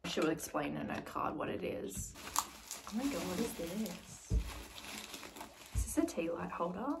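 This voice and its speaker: A young woman vlogging as she unboxes a gift, gushing and excitable, swinging between squeals and soft murmurs. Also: on the low side, measured pace, creaky. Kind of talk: casual vlog, unboxing a gift. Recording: slightly distant mic with faint noise.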